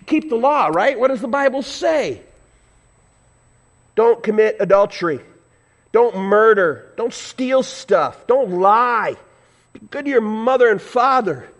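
A man preaching a sermon as pastor, animated and acting out voices, with sudden loud whoops. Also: high-pitched.

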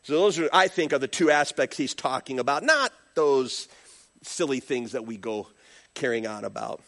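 A man's voice: mid-range voice, normal speed. A male pastor preaching a sermon, calling on the congregation to respond and acting out little voices as he goes. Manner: animated preaching with call-and-response and acted-out voices.

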